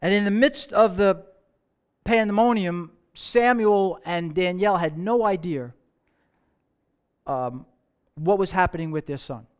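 A man preaching a sermon, telling a story with slow dramatic pauses and dropping to soft tones. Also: sits high, clean tone.

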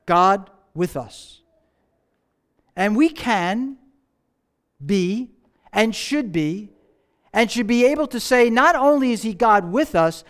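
A man's voice: high voice, fairly bright tone. A man preaching a sermon as pastor, in a conversational way, asking the congregation rhetorical questions and repeating his key phrases.

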